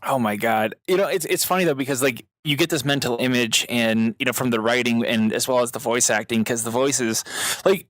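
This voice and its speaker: A man co-hosting a podcast in casual chat, excitable, laughing often and slipping into quick voice impressions. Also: medium pitch, no echo. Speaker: podcast co-host.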